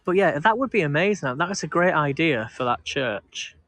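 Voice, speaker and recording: A man's voice: on the high side, expressive, normal speed, fairly bright tone. A man chatting casually to a live-stream audience as he walks outdoors in a park, rambling with restarts and laughs. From England. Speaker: vlog host. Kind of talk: casual live-stream chat while walking.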